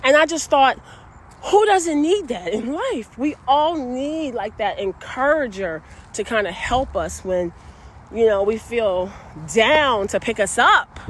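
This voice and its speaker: A woman yoga teacher casually sharing stories from her classes in a chatty, animated way. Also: a little high, slow pace, a little hiss or hum. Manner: warm, chatty, animated storytelling. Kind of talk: casual storytelling vlog.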